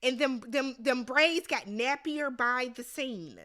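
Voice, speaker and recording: A woman giving a casual, slangy recap of a reality show, quoting the players in lively voices. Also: high-pitched, slow pace, few pauses. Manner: animated, slangy, quotes people in put-on voices. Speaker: recap vlogger.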